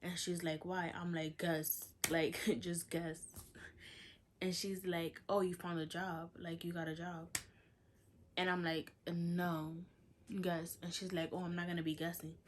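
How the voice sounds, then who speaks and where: A young woman vlogger tells a personal story in an easy, rambling way. Her voice sits a touch low, and she keeps dropping into quick impressions of the people she's quoting. A faint hum of room ambience sits behind her. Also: little pitch movement. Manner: chatty, lots of "like", quotes others in dialogue. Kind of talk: casual storytelling.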